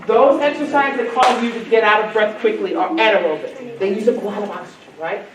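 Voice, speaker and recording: A woman giving a lively keynote talk to young people, coaxing them to answer and quizzing the crowd. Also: mid-range voice, fairly quick. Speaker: keynote speaker. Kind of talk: interactive talk to a youth audience. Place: large hall with an audience. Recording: echoey hall from far off, crowd.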